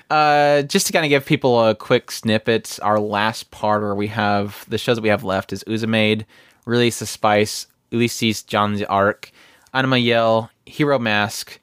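Low-voiced man chatting on a podcast. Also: steady tone, a little slow, a bit bright, clean tone, no echo, studio quality. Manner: rambling, many fillers and restarts. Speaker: podcast co-host. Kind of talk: casual podcast review chat.

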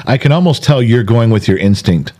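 A man's voice: mid-range voice, expressive, fairly quick, dark tone. Earnest man telling his story. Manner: earnest, emphatic, repeats himself. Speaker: podcast host. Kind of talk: candid conversational interview.

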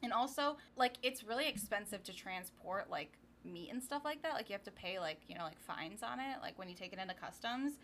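A woman's voice: mid-range voice, lively intonation, fairly quick, few pauses, a bit bright, a little hiss or hum. A young woman co-hosting a podcast, chatting casually with many fillers like "like" and swearing for emphasis. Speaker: podcast co-host. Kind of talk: casual TV recap chat.

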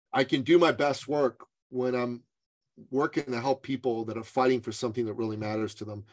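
A man in an interview telling a story in an animated way, voicing the people he quotes. His sound is close and dry, with no room around it. His pitch stays middling as he talks. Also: dry recording. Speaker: business coach guest.

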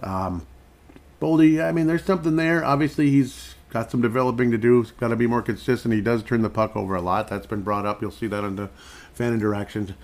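A man's voice: mid-range voice, fairly even intonation, fairly quick, a little mellow. A man hosting a podcast in casual sports chat, rambling along and chuckling between thoughts. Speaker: podcast host.

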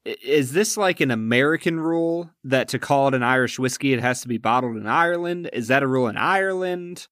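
A man's voice: mid-range voice, fairly quick, hardly any pauses, fairly bright tone, no echo, clean studio sound. Curious, laid-back man co-hosting. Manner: curious, laid-back, uses filler words. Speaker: co-host. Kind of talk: casual review chat.

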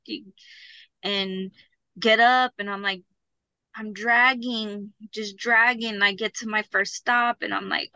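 Bright-voiced woman telling her story. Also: mid-range voice, steady tone, slow, dry recording, low-quality recording. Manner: open, tearful at times, speaks from the heart. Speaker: guest, abuse survivor and book subject. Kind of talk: emotional personal storytelling.

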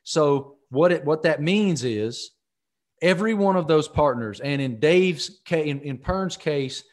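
A man's voice: a little high, expressive, a little slow. A man hosting a podcast, explaining things to listeners in a folksy, casual way. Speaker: podcast host. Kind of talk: casual interview talk.

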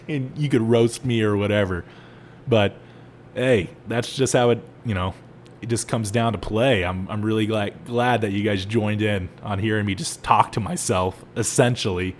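A young man hosting a solo podcast, telling stories animatedly with laughs and loud exclaims. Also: mid-range voice, slight background noise. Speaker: podcast host.

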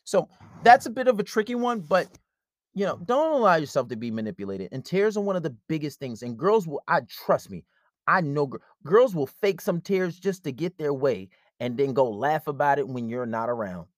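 A man hosts a podcast in an animated, fairly high-pitched voice at a moderate pace, recorded with clean studio sound and no echo. He gives blunt, casual relationship advice and acts out bits of quoted dialogue.

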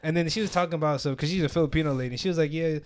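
A man's voice: a little high, rapid-fire. A young man hosting a podcast, telling stories in casual chat with lots of slang and frequent laughter. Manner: loose slang-heavy storytelling, laughs often. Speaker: podcast host.

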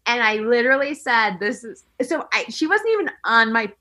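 A woman's voice: on the high side, lively intonation, normal speed, few pauses, pushed and bright. A woman in her thirties hosting a podcast, telling a story in casual chat with lots of "like" and acted-out quotes. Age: 30s. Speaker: podcast host.

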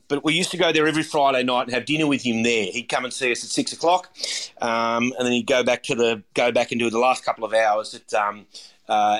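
A middle-aged chef and restaurateur giving rambling, upbeat interview answers full of ums and restarts. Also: male voice, medium pitch, fairly bright tone. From Australia.

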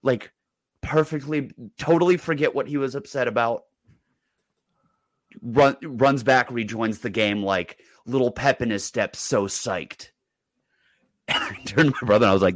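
A man co-hosting a sports podcast, telling a family story in casual chat and jumping into high voices for the people he quotes. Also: unhurried, pauses often, no room sound. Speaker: podcast co-host.

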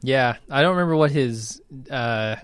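A man in casual podcast chat, relaxed and agreeable, often answering with short replies. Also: mid-range voice, normal speed, clean tone, no room sound.

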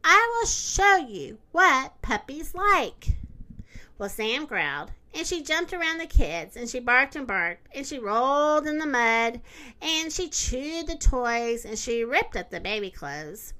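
A woman reading a children's picture book aloud in a slow, expressive, sing-song way. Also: on the high side. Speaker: storyteller.

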